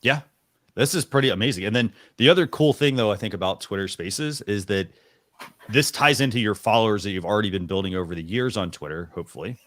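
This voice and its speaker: A man with a fairly low voice hosts a talk show and walks through a live demo. He rambles casually, full of fillers and restarts. His voice sounds dry and close, with no room around it. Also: a bit bright, dry recording. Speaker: show host.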